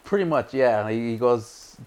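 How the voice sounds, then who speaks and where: A man's voice: mid-range voice, lively intonation, unhurried, a little mellow, smooth. A man co-hosting a casual podcast, loosely retelling the plot with many fillers. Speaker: podcast co-host. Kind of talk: casual chat.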